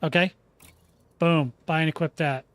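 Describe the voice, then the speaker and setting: A man's voice: a little high, steady tone, moderate pace, clear, resonant tone, no room sound. Folksy man walking through a game. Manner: folksy, repeats himself, checks in with "okay?". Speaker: gaming channel host. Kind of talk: casual game tutorial commentary.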